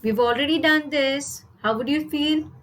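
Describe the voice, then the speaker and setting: A woman's voice: high voice, moderate pace, fairly bright tone, rough recording. A woman with an Indian accent giving a live online English lesson, explaining words and asking her class rhetorical questions. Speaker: IELTS teacher.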